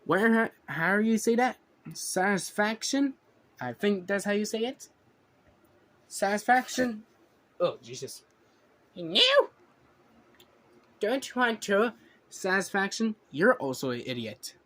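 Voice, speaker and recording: Indignant vlogger going off on a rant, talks slow, voice jumps all over. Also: medium pitch, very animated, fairly bright tone. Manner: indignant, profane, talks to viewers. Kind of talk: ranting reaction commentary.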